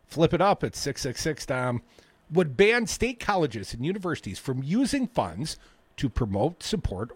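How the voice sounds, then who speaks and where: A man's voice: sits high, fairly bright tone, dry recording. A man hosting a talk radio show, reading the news with sarcastic jokes. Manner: sarcastic, jokey.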